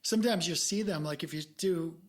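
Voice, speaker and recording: A woman's voice: on the low side, a little fast. A woman co-hosting a podcast in casual chat, rambling and restarting her sentences. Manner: rambling, stops and restarts mid-thought. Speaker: podcast co-host.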